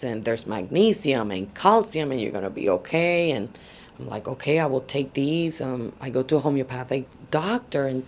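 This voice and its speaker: A woman's voice: a bass voice, slight background noise. A middle-aged woman, telling her story in an oral history interview and switching between Spanish and English.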